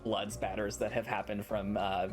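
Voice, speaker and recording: Relaxed man running a tabletop game. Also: on the low side, normal speed. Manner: relaxed, rambling narration with fillers. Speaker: game master. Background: music.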